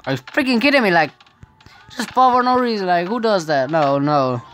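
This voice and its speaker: Exclaiming woman with lively pitch. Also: normal speed, faint music behind. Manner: exclaims and laughs often, frustrated outbursts. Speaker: gaming video creator. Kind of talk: casual gameplay commentary.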